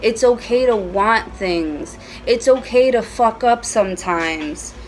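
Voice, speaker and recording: A woman's voice: a little high, slow pace, a little hiss or hum, low-quality recording. A woman giving a casual tarot reading at home, chatty and playful, with frequent swearing. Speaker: tarot reader.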